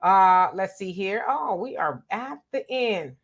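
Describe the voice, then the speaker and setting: A woman from Southern California co-hosting a live stream, chatting casually with viewers and telling animated stories. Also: mid-range voice, slow. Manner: animated, talks straight to viewers, tells stories. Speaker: co-host of a live stream show.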